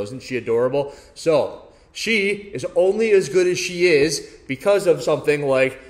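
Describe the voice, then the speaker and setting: A man's voice: medium pitch, animated, moderate pace. A man hosting his own vlog, talking bluntly and aggressively and swearing freely. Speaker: vlogger. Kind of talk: casual vlog rant.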